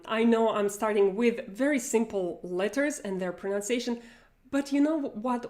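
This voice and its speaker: A woman's voice: mid-range voice, darkish tone. A woman whose first language is Russian, teaching a chatty live online lesson over a video call, with frequent fillers and laughs.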